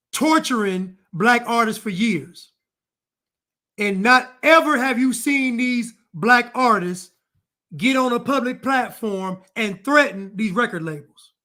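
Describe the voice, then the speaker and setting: Male commentator, high voice, emphatic and repetitive, solo opinion monologue. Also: slow, long pauses, sharp tone. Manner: emphatic and repetitive, hammering points home. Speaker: online commentator.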